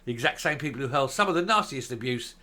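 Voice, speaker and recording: A man's voice: medium pitch, lively intonation, quick pace, sharp tone. A man giving sarcastic, scornful political commentary to camera, reading out news quotes and mocking them. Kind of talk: opinionated video commentary.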